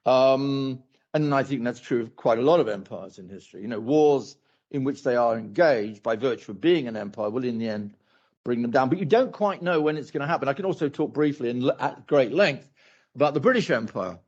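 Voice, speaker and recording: A man's voice: mid-range voice, expressive, a little fast, a little mellow, breathy edge. A male academic answering a question at a university talk, rambling with many asides and repeated phrases, on a dull lo-fi recording. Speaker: academic speaker.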